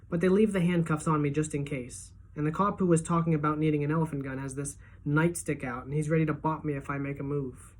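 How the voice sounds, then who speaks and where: A woman teacher reading a novel aloud to her class, giving the dialogue lively pitch and loudness shifts. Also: brisk. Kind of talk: audiobook-style read-aloud.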